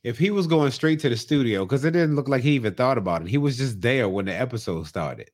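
A man's voice: mid-range voice, lively intonation, fast talker, a little mellow. A man co-hosting a podcast in casual chat, joking and arguing his point with frequent laughs. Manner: joking, argumentative, laughs a lot. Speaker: podcast co-host.

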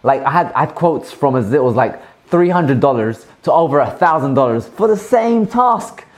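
A man hosts a live stream in a loose, chatty way. He tells long stories animatedly and often restarts his sentences mid-thought. His voice sits at an ordinary middle pitch for a man. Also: normal speed. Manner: rambling, animated storytelling with frequent restarts. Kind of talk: casual chat.

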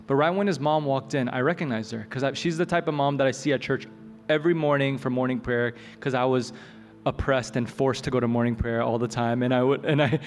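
Conversational pastor in a hall. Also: male voice, medium pitch. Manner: conversational, joking asides. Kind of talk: sermon with storytelling. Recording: long hall reverb, soft music.

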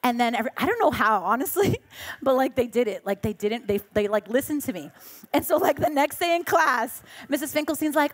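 Woman preacher, slightly high voice, animated storytelling, acts out voices, church stage mic. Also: brisk. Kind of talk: sermon with personal storytelling.

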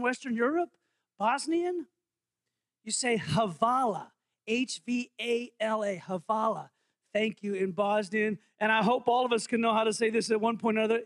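A man's voice: very high voice, fairly bright tone, no echo. A man preaching as interim pastor, in a playful, jokey way, quizzing his congregation during an interactive holiday sermon.

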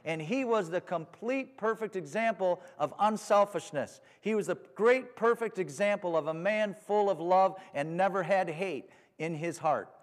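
Male preacher, high voice, hall reverb; sermon with call-and-response amens. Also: moderate pace, few pauses.

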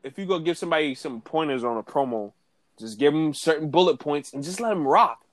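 A man co-hosting a casual wrestling podcast, talking in animated slang and laughing often. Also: on the high side, a little fast, no echo. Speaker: podcast co-host.

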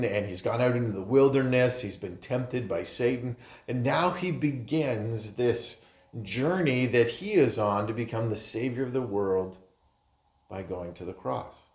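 A man's voice: mid-range voice, a little mellow. Earnest male pastor in a roomy church. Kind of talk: sermon. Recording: roomy echo.

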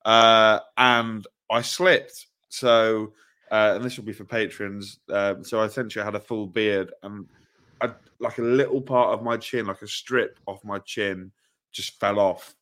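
A man's voice: fairly low pitch, fairly even intonation, measured pace, fairly bright tone. A young man with a self-mocking way of telling stories, co-hosting a casual football podcast chat. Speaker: podcast co-host.

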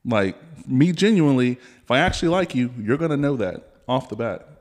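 A man's voice: medium pitch, big pitch swings, brisk. Insistent man hosting a podcast. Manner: insistent, repeats his point. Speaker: podcast host. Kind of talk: casual chat.

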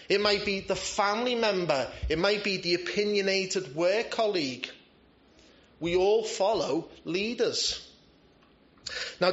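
Preaching in a conversational style, this man pokes fun at himself along the way. His high-sitting voice has a fairly bright tone, and the church recording sounds roomy and slightly dull.

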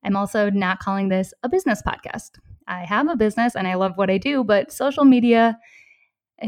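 A woman's voice: mid-range voice, a little fast, darkish tone, dry recording, studio quality. A woman in her thirties from Minnesota with a Minnesota accent, hosting a solo podcast in a friendly, upbeat manner with small laughs between phrases. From southeastern Minnesota, US. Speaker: podcast host.

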